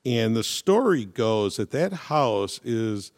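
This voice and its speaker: A man's voice: medium pitch, very animated, takes it slowly. A man, co-hosting a casual chat and telling a story with jokes along the way. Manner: chatty, joking storyteller. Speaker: podcast co-host.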